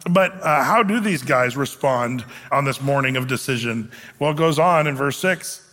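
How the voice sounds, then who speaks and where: A man's voice: mid-range voice, moderate pace, sharp tone, in a large hall. A male pastor preaching a sermon, explaining scripture in a casual, conversational way with everyday asides.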